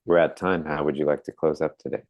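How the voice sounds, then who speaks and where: A man's voice: a bass voice, steady tone, fast talker, dry recording, dull audio. A man co-hosting a conversation, giving brief, easygoing prompts and affirmations. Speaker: co-host. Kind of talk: casual conversation.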